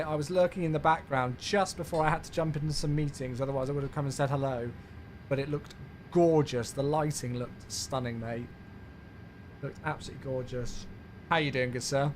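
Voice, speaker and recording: A man with a fairly high voice talks casually to his live-stream audience, welcoming viewers by name. Every so often he switches to clipped pilot radio phrasing. A faint hiss sits under his voice. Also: a bit bright. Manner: chatty, greets viewers by name. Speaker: flight sim streamer.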